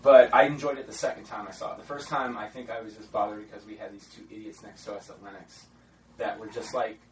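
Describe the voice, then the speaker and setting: A man hosting a casual podcast chat, animated and laughing often. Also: fairly low pitch, quick pace, slight background noise. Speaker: podcast host. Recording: echoey room, mic at a distance.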